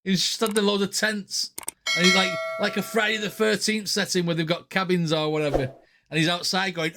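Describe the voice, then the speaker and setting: A man's voice: sits high, a little fast, gravelly, pushed and bright. A British man hosting a reaction channel, chatting casually and chuckling as he replays scenes aloud.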